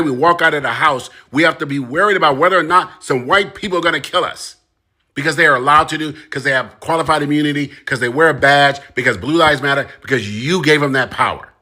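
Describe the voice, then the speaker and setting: A man's voice: a little high, sharp tone. A man delivering an impassioned, emphatic monologue straight to his audience, hammering points home with repetition. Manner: direct, emphatic, repeats phrases for emphasis. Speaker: commentator.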